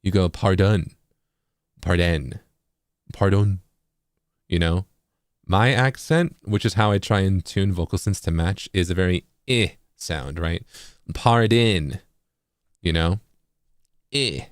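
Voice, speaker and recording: Deep-voiced East Coast man explaining. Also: measured pace, dry recording, studio quality. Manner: relaxed, filler-heavy, sounds words out as examples. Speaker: music producer and streamer. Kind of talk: casual tutorial explanation.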